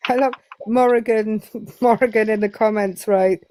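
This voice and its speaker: A woman's voice: medium pitch, fairly even intonation, normal speed, very noisy. A young English woman chatting casually as a guest on a live stream, hesitant with many fillers. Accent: English, southern Midlands. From England.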